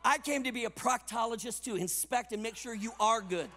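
A man delivers a sermon with a high, bright voice. His delivery is emphatic, rising to loud punches and dropping to quiet asides. The sound carries the long reverb of a large conference hall. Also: fairly quick. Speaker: conference speaker.

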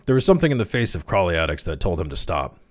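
A man reading a short story aloud, with lively delivery and amused asides. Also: sits low, rapid-fire. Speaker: reader.

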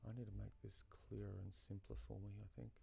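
A man's voice: lowish voice, little pitch movement, fast, gravelly, dark tone. A man giving casual, rambling commentary while playing a game, with many fillers and asides to himself. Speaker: gaming YouTuber. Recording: faint game music behind.

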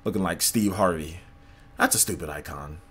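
A man streaming gameplay live, talking to his chat in an animated, repetitive way. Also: sits low, normal speed, breathy edge. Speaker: gaming livestreamer.

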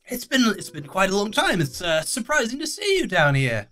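A tiny hopping cricket spirit of good luck, put on by a game master, speaking high and hesitant, with lots of stumbling restarts. Its pitch swings around a lot. Faint music plays underneath. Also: huge pitch swings, normal speed, a bit bright. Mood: gentle. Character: small hopping male cricket-like luck spirit, gentle, apologetic.

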